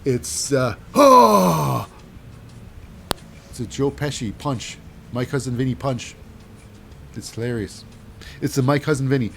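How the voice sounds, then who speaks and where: A man's voice: medium pitch, fairly even intonation, moderate pace, long pauses, background noise. A man casually recapping wrestling matches in a rambling, wry way with lots of fillers.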